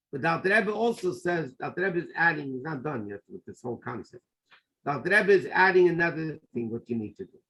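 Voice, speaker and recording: A middle-aged man giving a Torah lesson as a rabbi, his voice sitting fairly high. He speaks emphatically and drops Hebrew terms into his English explanations. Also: bright, forceful tone, low-quality recording. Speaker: rabbi teaching a class. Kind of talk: Torah class lecture.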